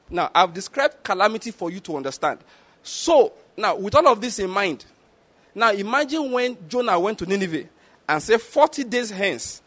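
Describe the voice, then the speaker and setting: Man, high voice, sermon, emphatic preacher, chuckles, keeps asking if you follow. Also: a bit bright. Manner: emphatic, asks listeners if they get the point, chuckles often; acts out quoted voices in a high pitch.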